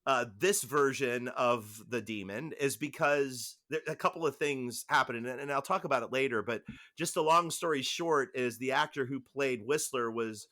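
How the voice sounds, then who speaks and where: Podcast co-host, man, bright and forward voice, loose rambling delivery. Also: mid-range voice, moderate pace. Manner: rambling, self-interrupting, animated. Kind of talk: casual chat.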